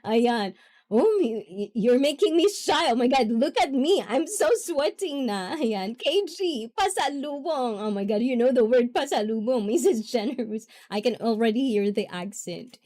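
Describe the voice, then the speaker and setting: A woman's voice: fairly high pitch, lively intonation, moderate pace, hardly any pauses, warm tone. A woman hosting a casual livestream, chatting with viewers, reading their comments aloud and often giggling. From half Japanese, half Filipina. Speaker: livestream host.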